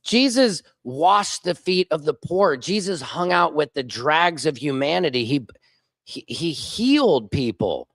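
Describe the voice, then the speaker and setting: A man's voice: on the high side, big pitch swings, unhurried, fairly bright tone, no room sound. A man hosting a casual political livestream, reading viewer comments aloud and mocking and taunting his critics. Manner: combative, mocking, reads chat comments aloud. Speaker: livestream host.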